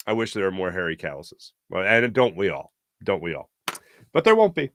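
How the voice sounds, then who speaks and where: A man's voice: on the low side, big pitch swings, brisk, bright, forceful tone, dry recording. A man hosting a sports talk show, telling stories in a chatty, self-mocking way. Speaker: podcast host. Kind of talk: casual monologue.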